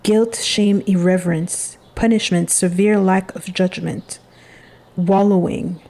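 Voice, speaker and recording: A woman giving a channeled spiritual reading, speaking in a soft, meditative, halting way. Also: mid-range voice, fairly even intonation.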